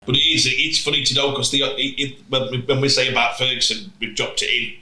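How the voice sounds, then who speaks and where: A man's voice: medium pitch, brisk, echoey room, slight background noise, rough recording. A man telling stories in casual podcast chat, acting out quotes. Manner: animated storytelling with acted-out quotes.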